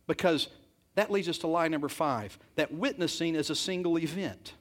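A man delivering a sermon in a fairly high voice. He retells the scripture in plain, casual speech, slipping into the characters' lines as he goes. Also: normal speed. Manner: storytelling, retells scripture in everyday speech with acted quotes. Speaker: pastor.

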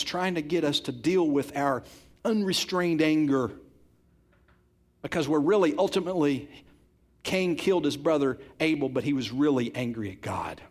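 A man preaching a sermon, moving from quiet, intimate passages to loud, emphatic ones, repeating words for stress. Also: a little high. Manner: repeats and restarts words when stressing a point. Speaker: pastor.

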